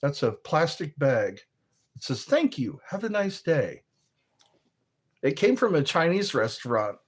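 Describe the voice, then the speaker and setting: A man hosting a casual livestream, reading viewer comments aloud and joking between them in a slow, drawn-out way. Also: fairly high pitch, very animated, breathy edge. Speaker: livestream host.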